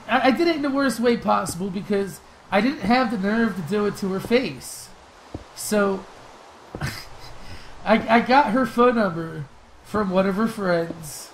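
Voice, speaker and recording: A young man hosting a gaming channel, telling stories and answering viewer questions in loose, profane, laughing chat that flares into excited shouts during fights. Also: sits high, a little hiss or hum, low-quality recording. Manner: loose, profane storytelling with frequent laughs and fillers. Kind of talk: casual gameplay commentary with viewer Q&A.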